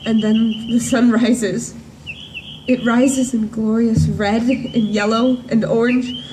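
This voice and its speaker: A woman in a church performing a monologue as a grief-stricken woman disciple at the empty tomb. She speaks earnestly and in measured phrases, with emphatic repetitions. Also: a little high, little pitch movement, mellow, a little hiss or hum. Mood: joyful. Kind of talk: dramatic first-person monologue. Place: church service at sunrise. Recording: distant voice with faint room ambience.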